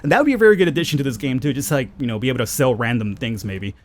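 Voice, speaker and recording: Chatty low-voiced man narrating gameplay. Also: expressive, rapid-fire. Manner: chatty, rambling, talks to the game characters. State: panicked, high and urgent. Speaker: let's play gamer. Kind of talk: casual gameplay commentary.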